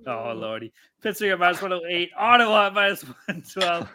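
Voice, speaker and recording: A man co-hosting a hockey betting podcast, ranting loudly with constant profanity and brash trash talk. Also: high voice, sing-song, moderate pace. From Canada. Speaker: podcast co-host. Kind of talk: profane sports betting rant.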